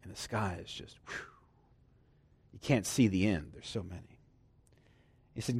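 A man preaching a sermon who swings from loud emphasis to hushed near-whispers and laughs often between points. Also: low-pitched, unhurried, long pauses, breathy edge, no echo.

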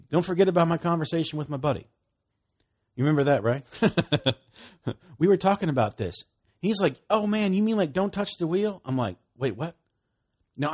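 Male preacher, conversational sermon, upbeat with a slightly high voice, big swings in pitch. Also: slightly rough. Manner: animated, laughing, acts out conversations. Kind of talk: casual sermon.

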